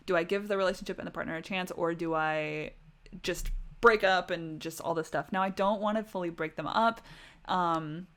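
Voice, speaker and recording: A woman's voice: lowish voice, fairly bright tone. Chatty woman rambling through a game stream. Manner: chatty, rambling, lots of "like" fillers. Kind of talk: casual livestream gameplay commentary.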